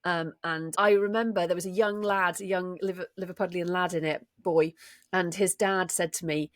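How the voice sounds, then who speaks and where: A woman with a fairly low voice talks casually on a podcast. She explains things with enthusiasm and keeps restarting her sentences. The recording is dry and close. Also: steady tone, brisk, dry recording. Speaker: podcast co-host and voice actor. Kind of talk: casual chat.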